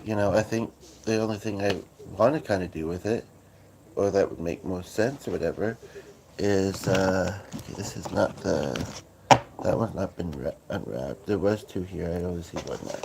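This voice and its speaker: Groggy deep-voiced man rambling on a livestream. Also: gravelly, background noise. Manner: halting, many fillers and restarts. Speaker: livestream host. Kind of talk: casual rambling livestream chat. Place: at home on a couch.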